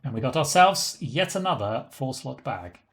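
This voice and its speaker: A man's voice: mid-range voice, expressive, moderate pace. A man giving casual, dry commentary while he plays a game. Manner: dry, wry, chuckling asides. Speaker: streamer.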